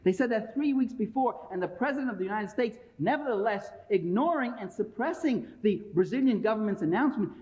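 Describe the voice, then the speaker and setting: A man's voice: high-pitched, lively intonation, a little fast, hardly any pauses, darkish tone. A middle-aged man giving a public lecture in a combative, emphatic and sarcastic way, recorded on an old tape. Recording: dull lo-fi 1980s lecture tape.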